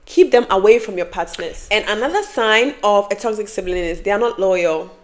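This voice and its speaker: A young adult woman vlogger giving advice and telling a storytime in an animated, emphatic way with lots of repetition. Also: medium pitch, normal speed.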